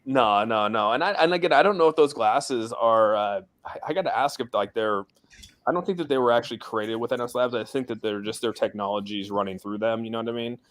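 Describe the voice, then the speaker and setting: A man's voice: medium pitch, a little fast, a bit bright. A man hosting a casual crypto livestream from outside in a shed, rambling with lots of fillers. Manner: rambling, filler-heavy, laid-back. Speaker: crypto community stream host.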